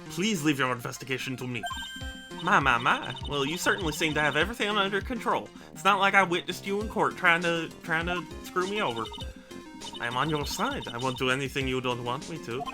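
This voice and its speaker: A man's voice: fairly high pitch, a little fast, music in the background, natural voice. A man voicing an imperious young woman prosecutor with a put-on German accent. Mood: haughty. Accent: mock German. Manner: cold, imperious, clipped. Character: haughty young female prosecutor.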